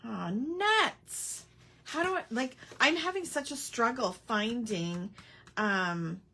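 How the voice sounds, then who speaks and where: A woman's voice: on the high side, sing-song, measured pace, pushed and bright. A woman hosting a casual live crafting stream, rambling with lots of ums and chatting back to viewer comments. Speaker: crafting livestream host.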